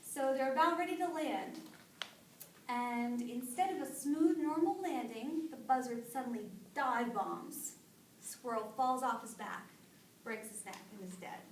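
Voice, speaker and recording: Young woman telling a story to a group, chatty, highish voice, echoey room a bit off mic. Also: measured pace, distant mic, slight background noise. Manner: chatty, animated, with fillers. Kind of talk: casual oral storytelling to an audience.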